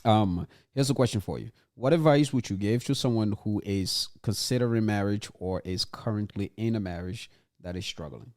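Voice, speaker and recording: A man with a somewhat low voice hosts a casual podcast interview. He keeps his guest going with short encouraging replies and asks plain, direct questions. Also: moderate pace, a little mellow. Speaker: podcast host.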